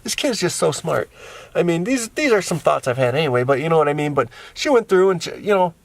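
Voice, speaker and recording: A man's voice: on the high side, big pitch swings, quick pace, gravelly, dry recording. A tired man vlogging casually from inside his camper van, rambling with lots of restarts and fillers. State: tired from a long day. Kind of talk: casual vlog chat.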